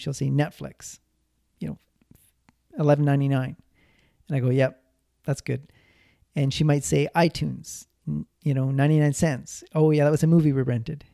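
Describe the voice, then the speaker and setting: A man's voice: a little high, gravelly, mellow, no room sound, clean studio sound. A man giving casual personal finance advice, rambling with frequent restarts and repeated words.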